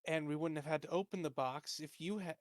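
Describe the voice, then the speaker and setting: A blunt, scornful thug, put on by a man in a tabletop game, slapping down his partner with flat, cutting comebacks in a fairly high, quiet, dry voice. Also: quick pace, dry recording, lightly acted.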